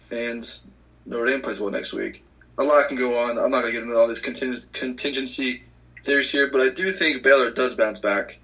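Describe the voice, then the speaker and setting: A man at a middle pitch runs a loose sports picks chat, rambling through his reasons. He corrects himself mid-sentence and chuckles along the way. His voice sits right in the ordinary range for a man. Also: sharp tone, low-quality recording. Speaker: podcast host.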